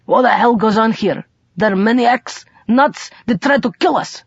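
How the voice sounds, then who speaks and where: A woman's voice: fairly high pitch, measured pace, breathy edge, no room sound, lo-fi sound, pitched above the performer's own voice. A woman voicing a brash, streetwise male smuggler who talks in blunt, broken English with a swagger. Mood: belligerent.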